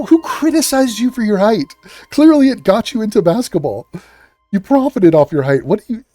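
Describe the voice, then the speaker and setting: Casting: sarcastic male commentary host, profane and exasperated, pitch swinging widely, darker mellow tone.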